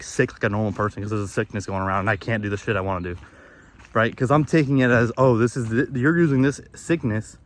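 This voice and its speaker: Medium in pitch and a bit bright, this young male vlogger's voice carries a rambling, profane, candid monologue in the woods, with sentences often restarted.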